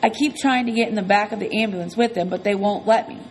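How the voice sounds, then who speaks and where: A woman's voice: mid-range voice, quick pace, a little hiss or hum, low-quality recording. Brief: woman narrator, first-person audiobook, earnest conversational storytelling, mid-range voice.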